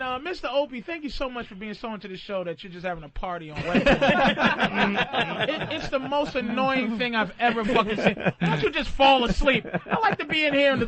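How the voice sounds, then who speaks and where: Profane high-voiced male radio host. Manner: profane, laughing, riffing bits. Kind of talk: crude comedic call-in talk.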